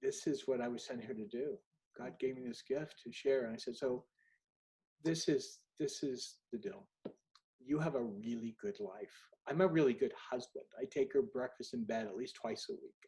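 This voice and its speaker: A man's voice: mid-range voice, normal speed, dark tone, low-quality recording. A middle-aged man, an author being interviewed, telling candid anecdotes and acting out bits of dialogue. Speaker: author guest. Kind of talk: storytelling in an interview.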